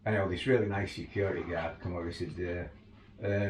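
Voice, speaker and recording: A tour guide with a very deep voice tells his stories in a chatty, easygoing way, with the odd laugh. He sits back from the mic, so the sound is roomy. A faint background ambience runs underneath. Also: steady tone, quick pace, recorded from a distance, slight background noise. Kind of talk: casual anecdotal storytelling.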